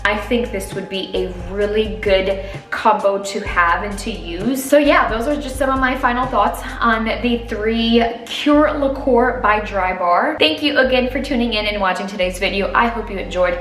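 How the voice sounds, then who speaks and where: A woman's voice: mid-range voice, normal speed, fairly bright tone. A woman vlogger chatting casually through a hair tutorial and product review, upbeat and talking through each step. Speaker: beauty vlogger. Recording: echoey room with faint music.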